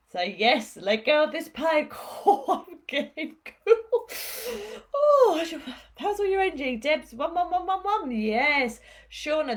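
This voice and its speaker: A woman spiritual healer leading a live-streamed guided healing session, speaking in soothing, repetitive phrases with chatty asides. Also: a little high.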